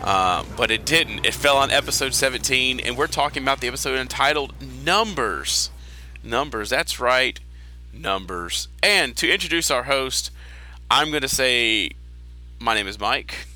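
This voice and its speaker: Bright-voiced chatty podcast host, a man. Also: medium pitch, animated. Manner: chatty, quick asides, laughs at own jokes. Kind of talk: casual chat.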